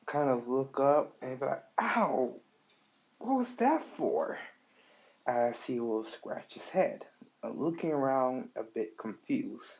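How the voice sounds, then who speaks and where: A man improvising a fan story aloud, halting often with fillers. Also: medium pitch, mellow, no echo. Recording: dull lo-fi recording.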